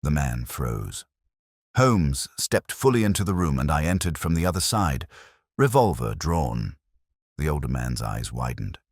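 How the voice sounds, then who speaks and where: A man reading a detective story aloud in measured scripted narration. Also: very deep voice, big pitch swings, dry recording, studio quality.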